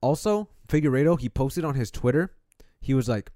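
Mellow-voiced man hosting a live podcast. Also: medium pitch, brisk, no echo, clean studio sound. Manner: loose, animated, slangy, swears. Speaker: podcast host and streamer. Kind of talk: casual live podcast chat. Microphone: streaming microphone.

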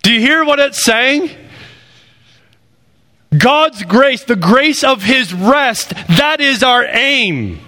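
Animated preacher, rises and drops. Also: male voice, slow pace, long pauses. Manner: animated, rising to loud bursts then dropping low and quiet; conversational preaching with repeated phrases. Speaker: pastor. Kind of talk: sermon.

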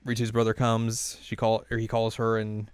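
A man casually recapping an anime episode in a loose, rambling way, with lots of fillers and quick quoted lines. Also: on the low side, completely flat delivery, smooth, no room sound. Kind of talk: casual chat.

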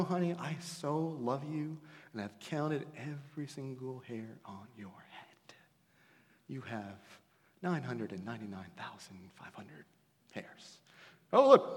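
This preacher's voice is fairly low, and his sermon feels like a conversation, dotted with laughter and moving from booming stories to quiet, close moments. The recording carries a long hall reverb.

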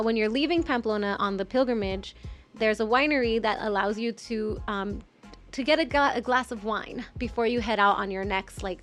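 A woman's voice: on the high side, a bit bright. A young adult woman telling a long personal story in casual podcast chat, full of "like" and restarts. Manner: rambling, heavy use of "like", emotional retelling.

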